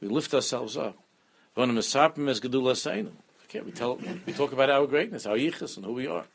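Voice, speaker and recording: Man teaching a religious class, mid-pitched voice, energetic delivery, repeats himself for emphasis. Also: fast talker, vocal fry, slightly rough. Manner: animated, repeats phrases, mixes Hebrew terms into English. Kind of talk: Torah class lecture.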